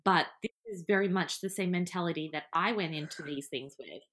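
A woman co-hosting a podcast, chatting casually and bluntly, quick to jump to over-the-top jokes. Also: fairly low pitch, a bit bright. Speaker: podcast co-host. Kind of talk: casual chat.

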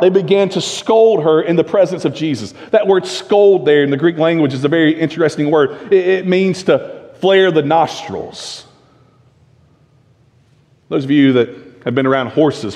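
A male pastor preaching a sermon, emphatic, full of rhetorical questions, swinging between loud and hushed. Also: high voice. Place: church sanctuary. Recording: long reverb of a church sanctuary.

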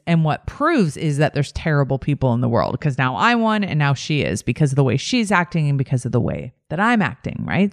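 A woman hosting a podcast as a life coach, teaching in a calm, emphatic monologue with repeated phrases. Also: low-pitched, no echo, studio quality.

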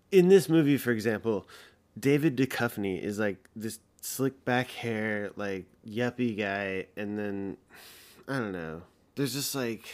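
A man's voice: mid-range voice, darkish tone. A man in his thirties hosting a podcast, telling a story in a casual, rambling, heated way with plenty of swearing. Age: 30s. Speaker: podcast host.

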